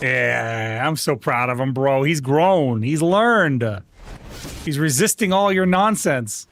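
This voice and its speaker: A man's voice: mid-range voice, expressive, slow, a bit bright, a little hiss or hum. A man hosting a casual gaming stream, chatting loosely with restarts and laughs. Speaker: streamer host.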